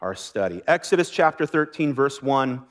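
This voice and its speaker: A man's voice: mid-range voice, expressive, normal speed. A man preaching a sermon as pastor, earnest and conversational, with light laughter.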